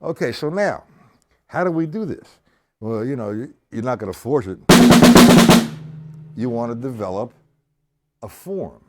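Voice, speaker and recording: A male drum teacher on a live stream counts beats and names the stickings step by step while a drum kit plays behind him. His medium-pitched voice has lively intonation, and he's unhurried, leaving long pauses over the music.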